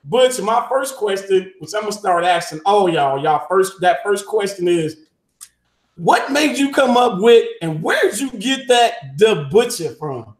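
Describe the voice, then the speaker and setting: High pitched guy hosting a livestream, hyping his guest, echoey room. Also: lively intonation, measured pace. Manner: hypes the guest, asks viewers to engage. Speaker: host. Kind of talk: live stream interview.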